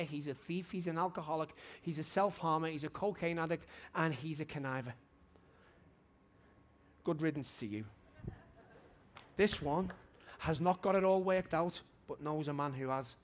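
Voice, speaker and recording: A man in his forties preaching a testimony sermon in a church hall, fervent and shouting at his high points.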